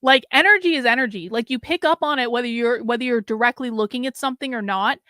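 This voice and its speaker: A middle-aged woman hosting her own show, talking casually and rambling in an exasperated way, sounding drained and low on energy. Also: quick pace, bright, forceful tone, no room sound, clean studio sound. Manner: rambling and exasperated, heavy on fillers. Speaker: host. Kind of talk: casual solo commentary.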